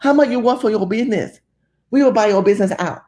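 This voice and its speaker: A woman voicing a pushy male buyer who talks fast to win over a struggling business owner. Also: medium pitch, dark tone, lightly acted. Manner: fast, wheedling sales patter.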